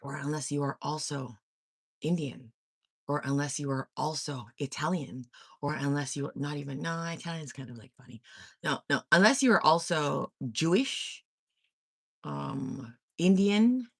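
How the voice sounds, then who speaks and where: A woman's voice: low voice, a little slow, creaky, slightly rough, dry recording, clean studio sound. A woman from Korea hosting a casual livestream, reading comments and giving blunt, profane opinions. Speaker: livestream host.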